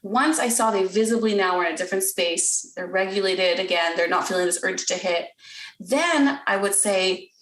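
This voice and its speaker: A woman's voice: mid-range voice, moderate pace, a bit bright, reverberant. A woman guest in a podcast interview, explaining parenting in an earnest, step-by-step way and acting out lines a parent or child might say. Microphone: podcast recording.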